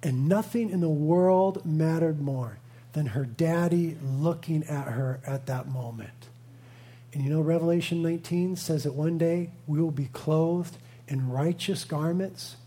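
A man's voice: on the high side, unhurried, mellow, husky. A man in his thirties, a pastor preaching a sermon, telling a family story with playful asides and earnest conviction.

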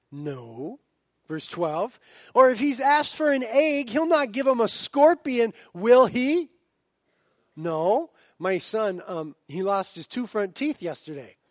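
A man's voice: high voice, dry recording. A man in his thirties preaching a sermon as pastor, earnest and building to fervent emphasis.

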